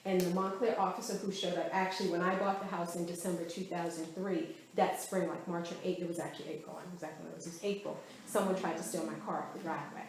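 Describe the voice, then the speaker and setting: A woman's voice: lowish voice, quick pace, hardly any pauses, slight background noise. A woman recounting events in a conversational interview, telling her story with animation and acting out what others said. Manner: animated storytelling, often acting out quoted speech. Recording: very echoey room, faint background ambience.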